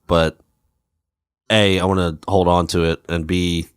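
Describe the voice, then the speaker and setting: A man's voice: deep voice, flat delivery, measured pace, smooth, no room sound, studio quality. A man co-hosting a podcast in casual chat, rambling with many fillers and frequent laughs. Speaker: podcast co-host.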